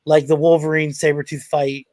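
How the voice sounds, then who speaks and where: A man's voice: a little high, level tone, normal speed, a little mellow, no echo. A man co-hosting a casual chat show, joking and wry. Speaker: podcast co-host.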